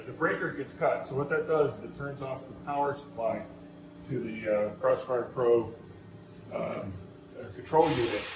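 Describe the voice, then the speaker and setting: A man in a casual workshop vlog, walking through a plasma cutter run and thinking aloud with restarts in a plain, practical way. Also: medium pitch. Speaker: maker demonstrating a CNC plasma cutter. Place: indoor workshop. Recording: roomy echo with steady background noise.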